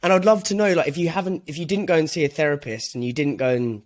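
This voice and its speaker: A man's voice: on the high side, fast talker. A man with an English accent hosting a podcast, asking long, searching questions full of fillers. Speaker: podcast host. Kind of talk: conversational interviewing.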